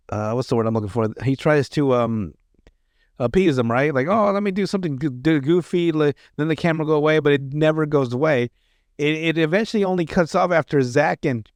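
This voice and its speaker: A man's voice: a little high, clean tone, no echo, studio quality. A man hosting a podcast, retelling comedy sketches in casual chat, rambling and profane, with lots of restarts. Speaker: podcast host.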